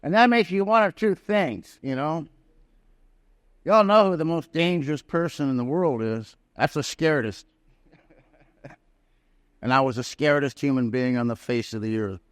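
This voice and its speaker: At a recovery convention in a prison hall, a man tells his own recovery story to a live audience in a folksy, plain-spoken style with down-home grammar. His voice is on the high side, at normal speed with long pauses, and the recording is dry and studio-clean.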